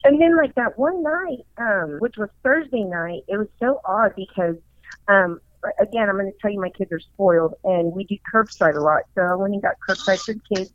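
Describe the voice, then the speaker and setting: A woman telling a story in casual chat, profane and excitable, acting out her own panicked lines. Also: medium pitch, no room sound. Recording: dull lo-fi dry recording.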